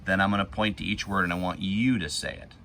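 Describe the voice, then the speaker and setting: Slow, gravelly low-voiced male teacher. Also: steady tone, sharp tone, slight background noise. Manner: slow, patient, emphatic word-by-word reading. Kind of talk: guided reading lesson for young children.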